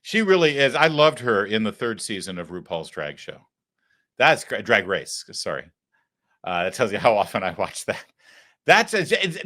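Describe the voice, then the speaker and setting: A man's voice: fairly low pitch, pushed and bright. A man hosting a political talk show, delivering mocking commentary with wry asides.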